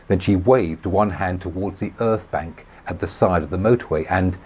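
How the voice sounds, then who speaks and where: A man reading his own novel aloud as a first-person audiobook, measured and dry. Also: deep voice, darkish tone, slight background noise.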